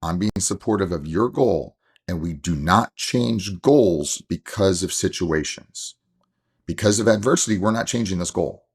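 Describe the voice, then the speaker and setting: A man's voice: deep voice, a little slow, breathy edge. A man in his forties, a coach and father, talking earnestly and from the heart in a casual interview, often restarting his sentences. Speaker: coach and father, podcast guest.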